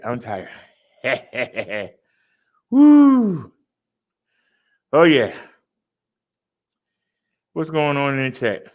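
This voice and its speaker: A man hosting a casual livestream, announcing numbers in a showy, drawn-out way and chatting with viewers. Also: a little high, fairly bright tone. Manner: chatty, addresses viewers as y'all. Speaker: livestream host reading daily stats.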